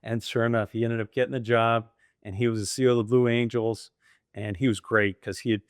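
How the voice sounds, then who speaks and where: A middle-aged man tells stories as an interview guest. He is animated, breaking into laughs and acting out what others said. His voice sits at a middle pitch and sounds dry and close. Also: quick pace, clear, resonant tone, no echo. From United States. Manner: animated, laughs often, acts out quoted dialogue. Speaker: guest, former military pilot and franchise owner. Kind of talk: conversational storytelling interview.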